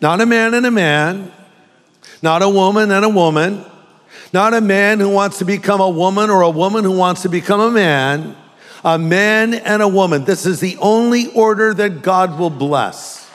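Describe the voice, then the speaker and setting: Male pastor from California, bright high voice, jokey sermon delivery, recorded in a reverberant sanctuary. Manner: humorous, with joking asides and quick impressions.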